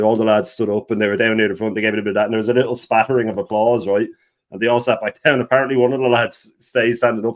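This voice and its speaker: A man with an Irish accent, a chatty guest on a live football stream who tells stories and laughs a lot. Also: on the low side. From Ireland. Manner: chatty storyteller, laughs often, swears casually. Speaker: guest co-host with own channel. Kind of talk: casual live-stream chat.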